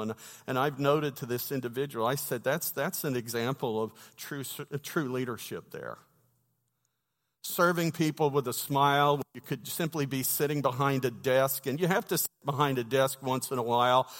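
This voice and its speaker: A man preaching a sermon, telling a folksy story with humorous asides to his congregation. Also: mid-range voice. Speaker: pastor. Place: church sanctuary. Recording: long reverb of a church hall.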